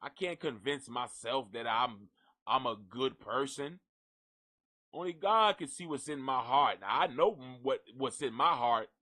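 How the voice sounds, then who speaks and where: A man's voice: medium pitch, animated, measured pace, sharp tone. A man hosting a live gossip stream, rambling and cursing in a jokey, casual way as he signs off. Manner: profane, rambling, jokey, talks to an unseen donkey.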